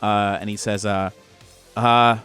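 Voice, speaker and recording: A man's voice: on the low side, little pitch movement, slow, a bit bright, clear, resonant tone, faint music behind. A man narrating as game master of a tabletop role-play, in a loose, filler-heavy way.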